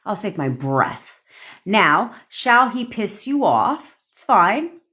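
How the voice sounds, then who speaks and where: A woman's voice: mid-range voice, big pitch swings, slow pace, bright, forceful tone. A young woman coaching on a livestream, talking bluntly with lots of swearing and frequent laughter. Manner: blunt, profane, laughing often. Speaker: manifestation coach. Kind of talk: livestream rant.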